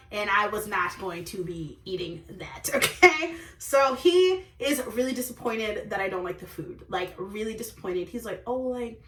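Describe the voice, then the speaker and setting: A young woman telling a dating story in a storytime vlog, animated and laughing often. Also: medium pitch, echoey room, distant mic. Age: young adult. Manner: animated, laughs often, says okay and like a lot. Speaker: vlogger.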